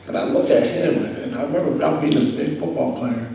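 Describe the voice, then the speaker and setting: A young man giving a guest speech, telling a personal story with animated, acted-out quotes. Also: medium pitch, fairly quick, gravelly, a little hiss or hum. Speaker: guest speaker. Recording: echoey hall from far off.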